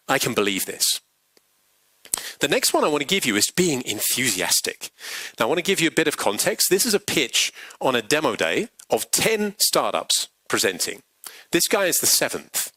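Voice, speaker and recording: Animated guy teaching pitching to a big crowd, bright voice, dry sound. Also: dry recording, rough recording. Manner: animated, acts out quotes. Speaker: pitch coach. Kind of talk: workshop talk. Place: large workshop venue.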